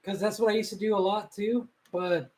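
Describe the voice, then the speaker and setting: A man co-hosting a casual podcast stream, easygoing and quick to laugh things off. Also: high voice, steady tone, a little mellow, low-quality recording. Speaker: podcast co-host.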